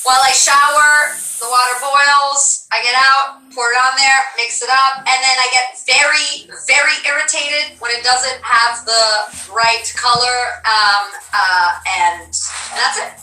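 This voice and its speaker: A woman's voice: high-pitched, fairly even intonation, a little slow, pushed and bright, echoey room, distant mic, rough recording. A woman streamer chatting casually with a guest, playful and joking.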